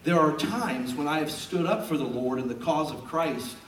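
A fairly high-voiced man preaches in a church sanctuary, telling animated, joking stories. His voice carries through a roomy space from some distance off the mic. A faint hum of room noise sits underneath. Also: moderate pace. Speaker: pastor. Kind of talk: sermon with folksy storytelling.

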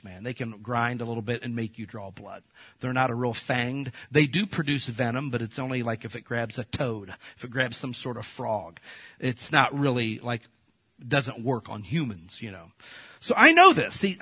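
Male pastor, folksy sermon delivery, dry close recording, slightly husky tone. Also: mid-range voice, dry recording. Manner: animated storytelling, acts out quoted voices; folksy, addresses the congregation as folks.

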